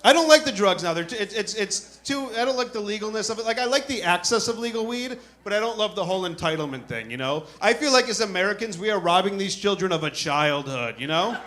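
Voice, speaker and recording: A man's voice: high voice, bright, forceful tone, slight background noise. A man from Chicago in his thirties doing a casual stand-up set on a club stage, telling a story and acting out the people in it. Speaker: stand-up comedian. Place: comedy club stage with audience.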